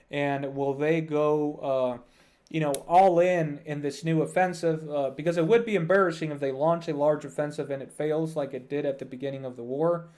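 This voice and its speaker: A man's voice: on the high side, a little mellow. A man giving casual news commentary to his viewers over a map, talking loosely with many "uh" fillers and calling the audience "guys".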